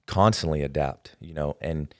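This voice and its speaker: A man hosting a podcast interview, talking in a relaxed, measured way. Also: very deep voice, dry recording, clean studio sound. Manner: relaxed, measured, many fillers. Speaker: podcast host. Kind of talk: casual interview chat.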